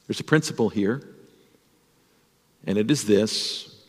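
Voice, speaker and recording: A man's voice: on the low side, measured pace, pauses often, husky, in a large hall. A man, a pastor, telling a Bible story as a children's sermon and asking the children questions. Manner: animated, addresses children with questions.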